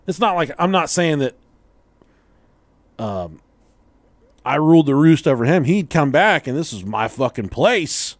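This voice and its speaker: A man's voice: fairly high pitch, very animated, unhurried, pauses often, no echo. Man telling a profane, laughing story. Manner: profane, laughs through his own story. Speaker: podcast host. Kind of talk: casual storytelling chat.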